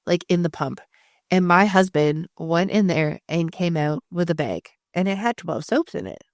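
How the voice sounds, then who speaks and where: A woman's voice: fairly low pitch, animated, moderate pace, dry recording, clean studio sound. A woman in her thirties co-hosting a podcast, rambling casually, swearing freely and laughing often. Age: 30s. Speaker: podcast co-host. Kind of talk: casual chat.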